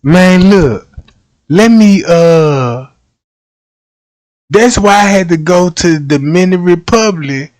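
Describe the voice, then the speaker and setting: A man riffs and laughs through a livestream reaction. His voice sits high and his delivery is unhurried. The sound is close and dry, with no room around it. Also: lively intonation, a little mellow, no echo. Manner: slangy, laughs often, acts out quick bits. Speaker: livestream host.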